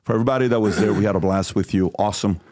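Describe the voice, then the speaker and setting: Male podcast host, brisk storyteller, lowish voice, dry close sound. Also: a little mellow, no echo. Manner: brisk, storytelling, steers the talk. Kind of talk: casual podcast chat.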